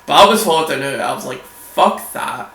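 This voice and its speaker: Quick-paced and a bit bright, this man's high-leaning voice has lively intonation. He's a gameplay video host who rambles, swears and laughs often while playing, captured on a desk mic in an echoey space with slight hum.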